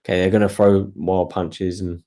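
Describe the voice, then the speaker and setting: A young man, a guest fighter, chatting casually in a rambling, relaxed way on a video call. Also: sits low, normal speed. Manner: relaxed, rambling, laughs while telling stories. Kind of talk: casual interview chat.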